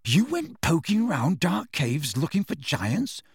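A plain-spoken, easily impressed teenage boy, played by a male audiobook narrator. He asks blunt questions in a slightly raised voice with a raspy edge. The voice stays dry and close. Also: on the high side, wildly swooping pitch, slow pace, no echo, voice pushed up, heavily acted. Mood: curious.

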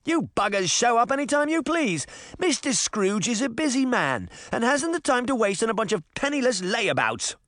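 A man voicing a flustered English boy who runs a front desk, with a high, shouting voice. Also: very animated, normal speed, no room sound, studio quality, exaggerated voice. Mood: scolding. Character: frantic boy assistant with English accent.

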